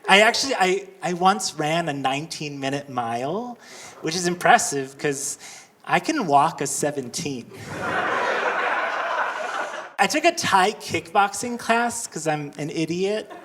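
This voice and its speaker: A man doing a stand-up comedy set with awkward, self-deprecating, animated storytelling, on a handheld mic at a live show. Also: a little high, measured pace. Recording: live club recording with background noise.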